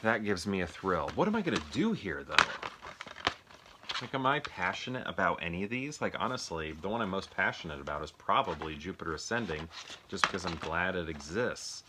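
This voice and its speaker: In this casual solo video, a movie collector from the United States talks through films, wandering from thought to thought and asking viewers questions. His low-pitched voice is very animated and fairly quick, with heavy noise in the background.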